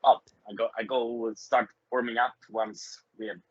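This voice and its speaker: A middle-aged man with a Swedish accent, a touring musician chatting as a podcast guest, hesitant and filling pauses with "uh". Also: mid-range voice, level tone, breathy edge, dry recording, highs cut off. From Sweden. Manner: hesitant, many fillers, friendly. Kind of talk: casual interview chat.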